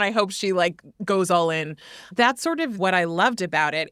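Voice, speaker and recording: A woman's voice: on the low side, fairly bright tone, no room sound, studio quality. A woman hosting a casual conversation in a chatty, upbeat way. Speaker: host.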